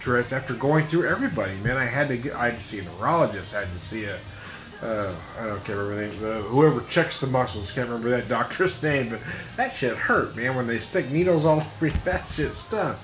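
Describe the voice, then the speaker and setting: A man's voice: mid-range voice, lively intonation, fast talker. A middle-aged man rambling through a casual monologue, laughing often and swearing freely. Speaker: podcast host. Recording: echoey room with faint music.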